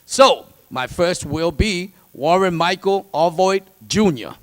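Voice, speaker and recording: Wired-up instructor guy handing out diplomas, kinda higher voice, super emphatic. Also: animated, slow pace. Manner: high-energy, emphatic. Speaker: auctioneering instructor. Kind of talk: energetic ceremony speech.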